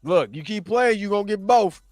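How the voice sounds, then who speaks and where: Excitable man hosting a live chat. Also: sits high, brisk, dry recording, clean studio sound. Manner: excitable, laughs often, shouts when thrilled. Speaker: show host. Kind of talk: casual live-stream chat.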